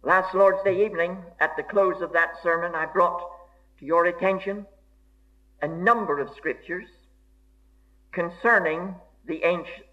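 A man preaching a sermon in a slow, deliberate and emphatic way, with formal old-fashioned diction. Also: high voice. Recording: dull lo-fi recording.

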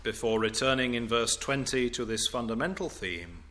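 A man preaching a sermon in a measured, emphatic way, stressing key phrases and dropping to a low, quiet voice on solemn points.

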